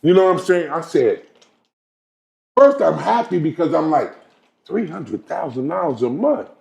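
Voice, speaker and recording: A man's voice: fairly high pitch, very animated, moderate pace, vocal fry, darkish tone, roomy sound. A man hosting a podcast, telling a story in casual, emphatic chat with lots of asides. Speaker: podcast host.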